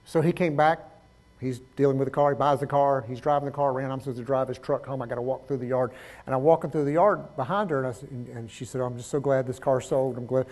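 A male pastor preaching a sermon, swinging between loud exhortation and low, conversational storytelling. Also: fairly even intonation, fast talker.

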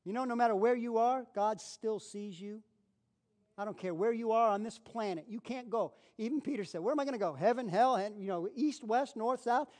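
An animated man preaching a sermon in a fairly high voice. He acts out the people in the story he is telling and repeats phrases for emphasis. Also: a little fast.

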